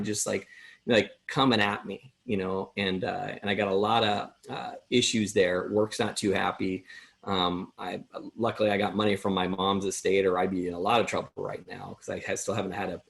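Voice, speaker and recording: A man's voice: on the low side, creaky. A middle-aged American man tells his personal recovery story at a workshop, earnest and rambling, with many restarts.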